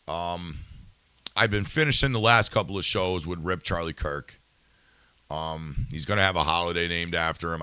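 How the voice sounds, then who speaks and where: A man's voice: a bass voice, sharp tone, smooth, no echo. A male podcast host in a profane ranting monologue, angry and swearing, firing rhetorical questions and then turning subdued and somber.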